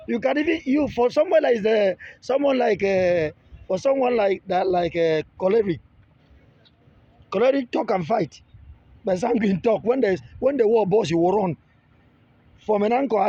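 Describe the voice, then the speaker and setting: A man talks through a loose teaching monologue, high-pitched yet dark and husky in tone. He circles back on his own words, restarting phrases as he goes. The audio is dull and lo-fi. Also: brisk, no room sound. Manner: repetitive, restarts phrases, pleads with viewers. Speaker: relationship video creator.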